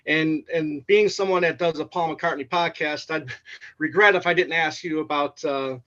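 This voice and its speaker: A man with a slightly high voice asks his guest questions, stopping often to fill gaps. The sound is dull and lo-fi, like a video call. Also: steady tone, moderate pace, fairly bright tone. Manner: hesitant, many fillers. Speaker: podcast co-host. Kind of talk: casual interview questions.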